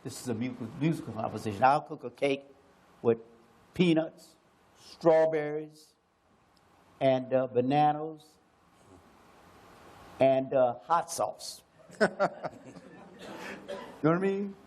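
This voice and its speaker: An American man on an arts panel, talking in a slow and musing way, repeating phrases and pausing often. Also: mid-range voice, warm tone. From United States. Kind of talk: slow reflective panel talk.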